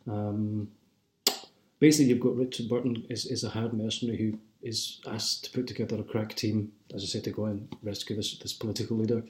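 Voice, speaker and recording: A man's voice: on the low side, darkish tone. A man with a Scottish accent talks casually at home as a wine and film vlogger, rambling with many fillers and restarts. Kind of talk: casual chat. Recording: roomy echo.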